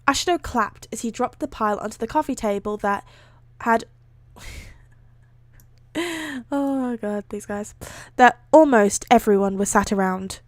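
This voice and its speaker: A woman's voice: medium pitch, moderate pace, no room sound, clean studio sound. A woman streaming live, reading fan fiction aloud between casual chat. She swears freely and makes self-deprecating asides. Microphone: streaming setup.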